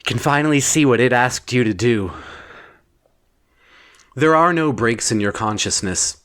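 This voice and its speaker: A man telling an absurd second-person bedtime story in a deadpan, wandering way. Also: mid-range voice. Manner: slow, deadpan, wandering delivery.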